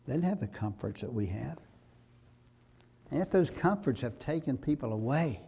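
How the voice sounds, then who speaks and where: A pastor, preaching a sermon that rises to loud, fervent exhortation. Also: male voice, mid-range voice, lively intonation, moderate pace, husky.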